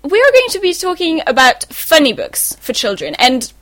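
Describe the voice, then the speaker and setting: Young woman podcast co-host, slightly high voice, dry close sound, thoughtful and chatty. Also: wildly swooping pitch, normal speed, fairly bright tone, dry recording. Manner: thoughtful, chatty, with fillers and small corrections. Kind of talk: casual chat.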